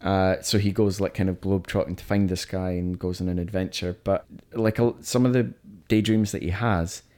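Chatty low-voiced man. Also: steady tone, moderate pace, few pauses, a little mellow. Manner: chatty and opinionated, frequent restarts and stammers. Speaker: podcast co-host reviewing films. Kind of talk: casual chat.

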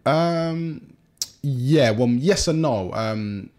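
Laughing comedian, lively pitch. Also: male voice, drawn-out words. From South East London. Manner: laughs often, jokey and animated. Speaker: stand-up comedian. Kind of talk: casual chat.

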